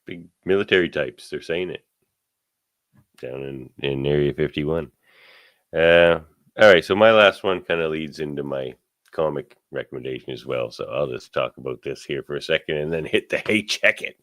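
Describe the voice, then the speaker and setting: A man with a very deep voice co-hosts a podcast in relaxed casual chat. He drops dry, joking asides, recorded close and dry with no room sound. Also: moderate pace, no echo. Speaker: podcast co-host.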